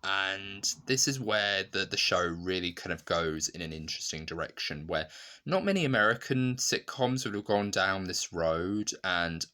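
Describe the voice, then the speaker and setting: A man's voice: sits low, lively intonation, moderate pace, sharp tone. A man giving a casual, chatty review of a TV sitcom, retelling scenes with lots of fillers and laughter.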